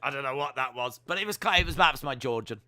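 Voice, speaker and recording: Bright-voiced man rambling on a stream. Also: a little high, expressive, fast talker. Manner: rambling, playful, thinking aloud. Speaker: stream host. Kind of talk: live watch-along chat.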